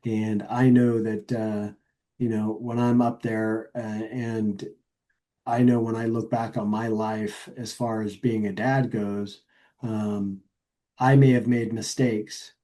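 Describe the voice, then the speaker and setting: A middle-aged man speaking as a podcast guest in casual chat, earnest and reflective, halting with many fillers and restarts. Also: fairly low pitch, little pitch movement, dark tone.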